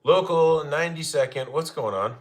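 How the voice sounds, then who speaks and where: A man's voice: a little high, normal speed. A young man hosts a laid-back cooking livestream from his home kitchen. He chats with viewers in a joking, easygoing way and laughs often. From Arizona, United States. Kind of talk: casual live chat reading comments.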